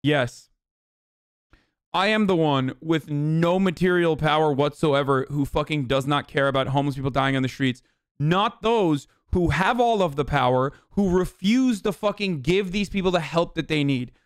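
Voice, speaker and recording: A man's voice: smooth, no room sound, studio quality. A man doing livestream political commentary, ranting heatedly with lots of swearing and mocking his chat with sarcasm. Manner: profane, heated, rapid ranting; mocks chat in a sarcastic high voice.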